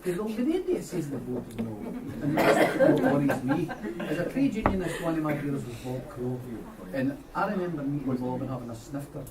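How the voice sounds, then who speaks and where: A man's voice: a little high, sing-song, fairly quick, hardly any pauses. Blunt Scottish man in an echoey hall. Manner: blunt, colloquial, storytelling. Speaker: trade unionist audience member. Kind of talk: impassioned debate contribution. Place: meeting room at a union debate. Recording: echoey hall, distant mic, noisy.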